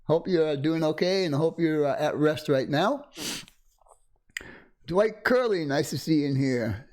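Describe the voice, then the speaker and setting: A middle-aged man hosts a casual livestream from a home desk, speaking close to a condenser microphone. His voice sits a little high for a man, and he rambles easily, greeting viewers by name with frequent chuckles. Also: animated, unhurried, a little mellow. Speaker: livestream host. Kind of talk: casual live-stream chat.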